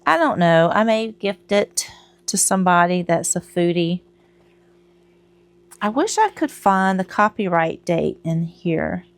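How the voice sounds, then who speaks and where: A woman's voice: fairly low pitch, expressive, unhurried, no room sound. A middle-aged woman, chatting casually to camera at home, rambling and laughing at herself. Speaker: crochet vlogger.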